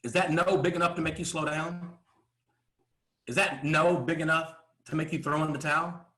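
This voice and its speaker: A man giving a motivational speech to a live audience from a stage, emphatic and full of rhetorical questions and pauses. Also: fairly high pitch, steady tone, bright, forceful tone, roomy sound. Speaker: motivational speaker.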